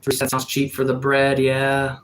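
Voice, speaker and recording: Streaming from a sunroom, this Atlantic Canadian livestreamer has a cold as he casually reads out and replies to chat messages. He speaks at medium pitch with a totally flat delivery and a measured pace, and the audio is poor.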